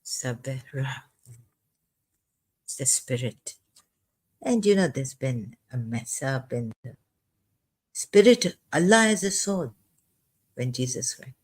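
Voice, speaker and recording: A speaker giving a halting, informal commentary on a scripture verse, with a cough, often repeating words and restarting sentences. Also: medium pitch, lively intonation, slightly rough. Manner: slow and deliberate, dwells on single words. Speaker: religious commentator.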